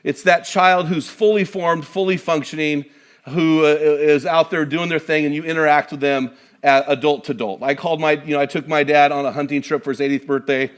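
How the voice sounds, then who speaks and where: A middle-aged man delivers a sermon with a voice pitched a little higher than most men's. He sounds energetic and conversational, and breaks off for playful jokes with his listeners. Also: a little fast. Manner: energetic, conversational, with joking asides to the congregation. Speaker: guest preacher.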